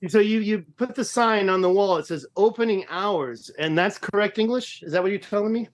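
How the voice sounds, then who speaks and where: A man's voice: sits high, a little fast. A man in his fifties, a guest explorer on a podcast, chatting casually in a joking, rambling, self-deprecating way. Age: 50s.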